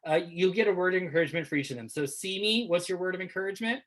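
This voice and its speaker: A woman running a tabletop game as game master, laughing often and reacting with quick asides. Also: on the low side, rough recording.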